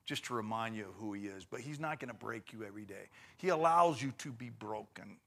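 A man hosting a faith talk show, commenting in an animated, excitable way. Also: fairly quick. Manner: excitable, mimics preachers in high voices.

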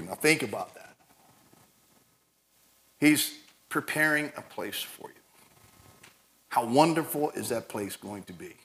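A middle-aged man preaching a sermon in a folksy, conversational way, swinging between loud emphatic lines and soft low asides. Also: animated, slow, pauses often. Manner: folksy and conversational, laughs and tells family stories. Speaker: pastor.

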